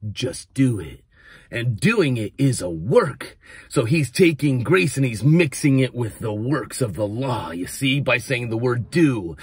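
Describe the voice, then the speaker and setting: An American man preaches into a close mic, his husky voice swinging high and low as he gets worked up and mocks the voices he quotes. The room is dry, with no echo. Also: unhurried. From United States. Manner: animated, rising to near-shouting in emphatic passages, mocking quoted voices. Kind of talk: casual video sermon.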